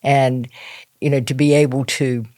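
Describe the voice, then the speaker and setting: A man's voice: mid-range voice, little pitch movement, a little slow, darkish tone, no echo, clean studio sound. A man hosting a podcast who talks casually, laughing often and restarting his sentences. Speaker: podcast host. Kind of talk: casual conversation.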